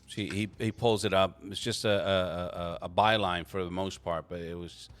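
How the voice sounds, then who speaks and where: A man narrating a tabletop game as game master, halting with frequent restarts. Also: deep voice, fairly even intonation, fairly bright tone, no echo. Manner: halting, lots of restarts and fillers.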